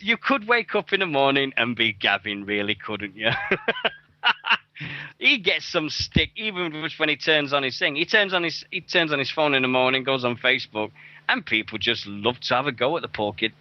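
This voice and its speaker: A man's voice: on the high side, expressive, moderate pace, no room sound. A young man hosting a wrestling radio show, rambling through event listings with plenty of swearing and self-mockery. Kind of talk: casual show chat. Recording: dull lo-fi dry recording.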